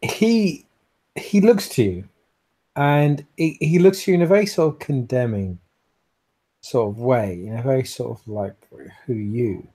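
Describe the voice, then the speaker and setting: A man running a tabletop game, describing scenes at length with frequent ums and restarts. His voice is dark and mellow with a husky edge. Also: mid-range voice, a little slow. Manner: descriptive, rambling, many fillers. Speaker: game master.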